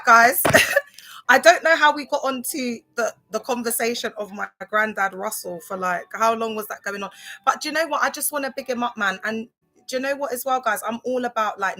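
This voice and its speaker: A woman in her 30s hosts a casual livestream from her phone camera on social media, rambling with lots of fillers and speaking straight to her viewers. Her voice is on the high side, bright and forceful.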